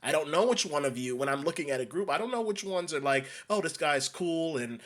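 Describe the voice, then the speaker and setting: A man's voice: a little high, expressive, fast. A man from New York delivering an emphatic ranting monologue, repeating and restarting phrases. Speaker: commentator.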